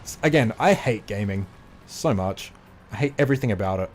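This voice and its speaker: A man's voice: fairly low pitch, lively intonation, fairly quick, slight background noise. Guy streaming a game, rambly and opinionated, says like a lot, swears here and there. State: out of breath. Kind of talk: casual gaming livestream chat.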